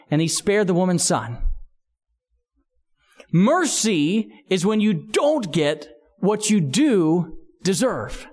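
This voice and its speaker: Brief: male pastor, high voice, earnest conversational sermon. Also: expressive, takes it slowly, pauses often, darkish tone. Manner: earnest, conversational preaching with restarts.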